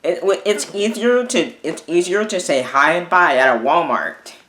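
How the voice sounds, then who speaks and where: A man rants straight to camera, exasperated and swearing freely, circling back and restarting his sentences as he vents. His voice has a bright, forceful edge, and the room throws back a noticeable echo. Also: high-pitched, normal speed. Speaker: vlogger. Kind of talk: ranting casual monologue. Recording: echoey room.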